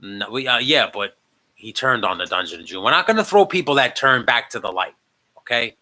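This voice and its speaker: Brief: casual male podcast host, swearing storyteller, very bright and sharp tone. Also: medium pitch, brisk, poor audio. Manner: profane, animated storytelling. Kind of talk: casual comedic chat. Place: remote podcast setup.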